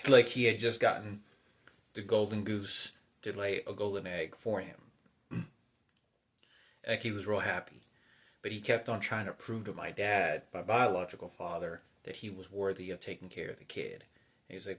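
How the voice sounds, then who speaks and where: A man in his forties telling a rambling personal story, halting and unsure, often restarting and trailing off. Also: lowish voice, fairly even intonation, a bit bright. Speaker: vlogger.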